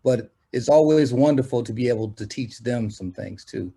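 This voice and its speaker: A man, a music producer guest, answering an interview question in a measured, thoughtful way. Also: mid-range voice, dark tone, breathy edge.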